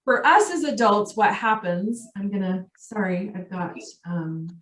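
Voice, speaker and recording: A woman's voice: medium pitch, expressive, measured pace, echoey room, slight background noise. A woman giving an online parenting training, explaining step by step and acting out what children and parents say. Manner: explains warmly, acts out quoted voices of kids and parents. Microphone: video call.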